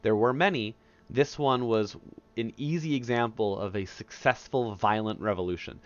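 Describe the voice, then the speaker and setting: A man's voice: medium pitch, muffled recording. A male history teacher giving a casual, conversational recorded lecture over a headset mic. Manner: casual, conversational, acts out historical figures in quick asides.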